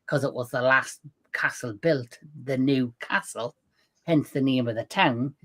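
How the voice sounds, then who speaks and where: A man from Newcastle with a Geordie accent, hosting a casual livestream panel and talking bluntly. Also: mid-range voice. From Newcastle, England. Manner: blunt, chatty storyteller. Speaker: livestream host.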